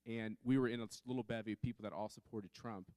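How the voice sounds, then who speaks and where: A man's voice: fairly low pitch, steady tone, fast, warm tone, no room sound. A man on a conference panel telling a story in a chatty way, full of fillers and restarts. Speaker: panel speaker.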